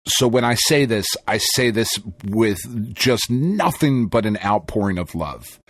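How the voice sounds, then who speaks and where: A man's voice: lowish voice, animated, a little slow, no echo, clean studio sound. A man co-hosting a podcast, telling a story in casual, profane chat and laughing often. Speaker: podcast co-host.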